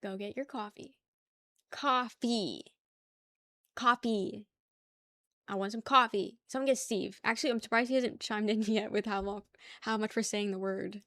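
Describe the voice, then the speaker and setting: A woman's voice: medium pitch, fairly even intonation, a little fast, few pauses, no echo. Dry-sounding laughing young woman streamer. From New York area. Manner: joking, laughing, rambling to chat. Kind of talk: casual chat stream.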